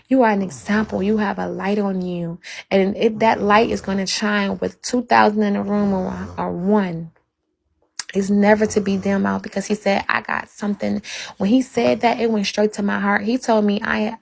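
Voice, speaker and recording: A woman's voice: mid-range voice, vocal fry, a little mellow. A woman fervently sharing a religious testimony, preaching and repeating phrases for emphasis. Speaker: guest.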